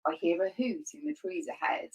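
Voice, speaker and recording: A woman's voice: fairly low pitch, moderate pace, husky, rough recording. A woman voicing a big, gullible male monster in a read-aloud story, in a plain storytelling delivery. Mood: wary.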